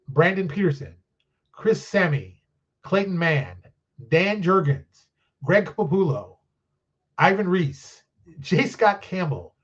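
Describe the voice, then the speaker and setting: A man's voice: high voice, husky, muffled recording. A man chatting as a guest on a live-streamed interview, telling stories in a loose, self-deprecating way and acting out the conversations he recounts. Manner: animated storyteller who acts out quoted conversations. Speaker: game designer and publisher guest.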